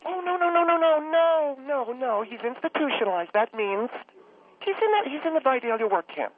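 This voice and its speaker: A man's voice: very high voice, lively intonation, a little fast, dry recording, voice pushed up. A man voicing a fawning, rambling middle-aged woman caller who gets choked up easily. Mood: gushing. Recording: tinny phone line.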